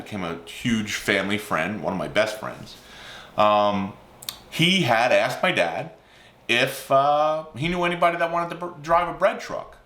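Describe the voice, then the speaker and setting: Lively fifty-something man telling a story. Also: on the low side. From New Jersey. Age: 50s. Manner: animated, enthusiastic, lots of fillers. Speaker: host. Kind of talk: casual storytelling vlog. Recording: roomy echo.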